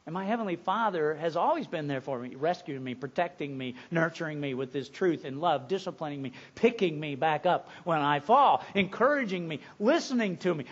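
A man preaching a sermon, going from quiet, slow reflection to loud, emphatic exclamation. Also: a little high, expressive, slightly rough, muffled recording. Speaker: pastor.

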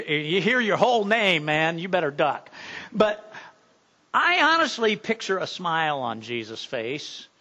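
High-voiced bright male pastor preaching. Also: highs cut off. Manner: conversational preaching with rhetorical questions and repeated words. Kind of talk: sermon.

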